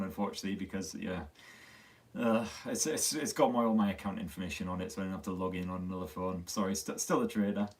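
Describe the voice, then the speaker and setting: A man's voice: fairly low pitch, a little mellow. A man from Sunderland with a Northern English accent, chatting casually as host of a live tech stream, swearing freely and poking fun at himself, his voice a little worn. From Sunderland, North East England. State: slightly losing his voice. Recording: distant mic on a phone stream.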